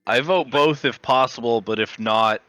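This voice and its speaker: A man's voice: medium pitch, normal speed, sharp tone, no room sound, soft background music. A man taking part as a player in a tabletop game, chatting in an easygoing way. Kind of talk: casual chat.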